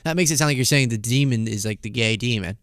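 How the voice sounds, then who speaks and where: A man's voice: fast, clean tone, no echo, clean studio sound. A man hosting a casual political commentary show, laughing and mocking as he reacts to clips. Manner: animated, laughing, mocking, high-pitched impressions. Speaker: host. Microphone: studio mic.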